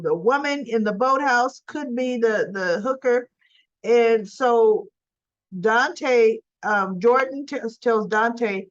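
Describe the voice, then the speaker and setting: A woman's voice: a little high, dull audio. A woman giving a chatty, casual daily recap of a soap opera episode. She laughs often and acts out the characters' lines.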